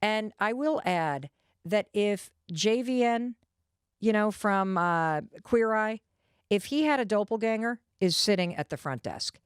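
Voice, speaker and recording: A woman host telling a personal story in a lively, animated, confiding way, talking straight to the listener. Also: mid-range voice, a little slow, clear, resonant tone, dry recording, clean studio sound.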